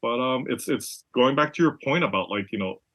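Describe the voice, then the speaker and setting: A man's voice: mid-range voice, animated, fairly quick, a bit bright. A man hosting a podcast, chatting casually and often checking in with his guest. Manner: conversational, keeps checking in with "right?". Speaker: podcast host. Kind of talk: casual interview chat.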